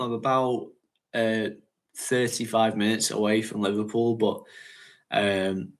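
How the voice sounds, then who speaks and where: A man from North West England, hosting a casual livestream chat and rambling, chatting and laughing often. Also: medium pitch. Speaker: fragrance channel host.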